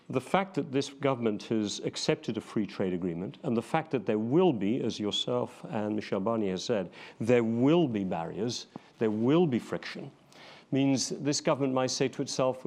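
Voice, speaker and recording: A man's voice: medium pitch, darkish tone. Hesitant man moderating a panel. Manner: hesitant, lots of ums and restarts. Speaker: event moderator.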